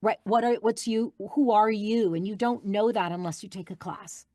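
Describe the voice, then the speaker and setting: A woman's voice: medium pitch, moderate pace, a little mellow, no room sound. Emphatic woman voice actress in a dry room. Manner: emphatic, insistent, repeats key phrases. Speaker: guest voice actress. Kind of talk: interview answer.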